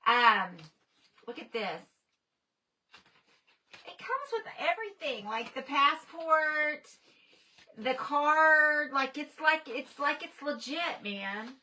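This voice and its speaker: An older woman chatting casually on a livestream as host, gushing and excitable as she talks to her viewers. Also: sits high, slow pace, pauses often.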